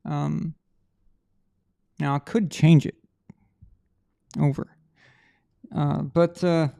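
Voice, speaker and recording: A man's voice: fairly high pitch, flat delivery, extremely slow, creaky, warm tone. A man hosting a casual livestream chat for members, rambling and thinking aloud with trailing sentences. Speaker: livestream host.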